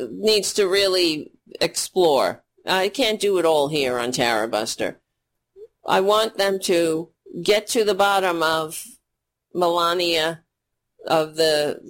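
Slow-talking sarcastic woman host. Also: sits low. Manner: sarcastic, profane, rambling. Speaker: political commentary host. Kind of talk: ranting political commentary.

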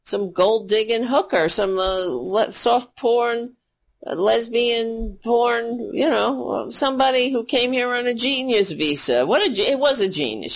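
A woman hosting a political commentary show, ranting in a sarcastic, profane, mocking way. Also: on the low side.

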